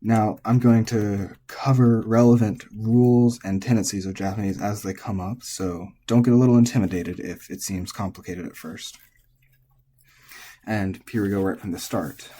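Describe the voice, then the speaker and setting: An American man with a husky voice, giving a casual spoken lesson on Japanese pitch accent and thinking aloud with hesitant restarts. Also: steady tone, moderate pace, warm tone.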